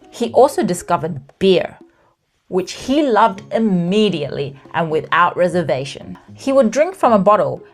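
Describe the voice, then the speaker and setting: A woman hosting a podcast, telling a true story with dramatic pacing and wry asides. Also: mid-range voice. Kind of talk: storytelling narration.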